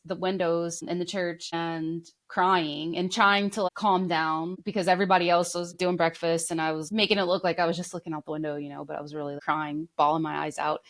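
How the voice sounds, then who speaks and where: A young woman co-hosting a podcast, telling long heartfelt stories in casual chat, full of fillers. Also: fairly low pitch. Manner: rambling, heartfelt storytelling with many fillers. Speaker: podcast co-host.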